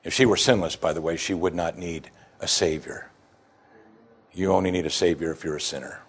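A man preaching a sermon, emphatic and animated, acting out quoted lines from the scripture. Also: sits low, fairly quick, husky. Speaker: pastor.

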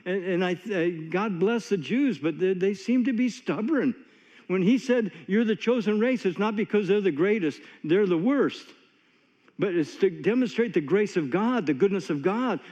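High-voiced and a little mellow, a man delivers a folksy sermon in a conversational style, spinning stories with many asides. The sound is dull and lo-fi, with long hall reverb.

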